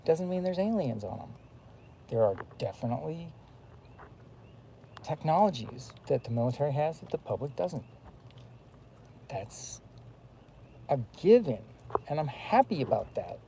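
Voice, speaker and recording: A man's voice: fairly high pitch, very animated, measured pace, gravelly, long pauses, dark tone, slight background noise, poor audio. A man rambling in a casual monologue, full of fillers and restarts. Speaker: vlogger.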